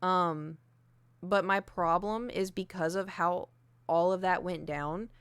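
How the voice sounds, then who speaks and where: A woman's voice: on the low side, steady tone, slow, a bit bright, clean tone, no echo. A young adult woman streaming, chatting candidly and self-deprecatingly with lots of fillers. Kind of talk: casual chat. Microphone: desk mic with ring light.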